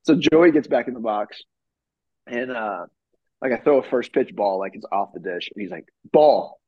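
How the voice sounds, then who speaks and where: A young man talks loosely and eagerly, full of "like" and "you know," and jumps into the voices of the people in his story. His pitch sits in a middle range, and the sound is dry and a bit dull, as from a remote call. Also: normal speed, no room sound. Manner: animated storyteller, acts out quoted exchanges, many fillers. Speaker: professional baseball pitcher, guest. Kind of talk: casual interview storytelling. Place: home studio.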